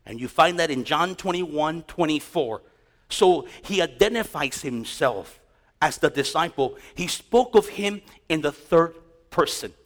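A man teaching a Bible class as a pastor, telling stories with animated storytelling and acting out encounters. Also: on the high side, unhurried. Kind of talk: sermon.

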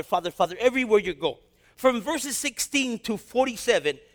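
A man with a high voice delivers a sermon as a pastor. He moves between reading scripture and lively, slangy asides, acting out little exchanges as he goes.

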